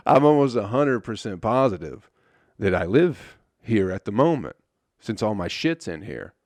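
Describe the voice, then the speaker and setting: A man's voice: on the low side, big pitch swings, normal speed, darkish tone, no echo, clean studio sound. A young man hosting a casual solo comedy podcast, telling a story in a loose, profane, friendly way. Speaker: podcast host.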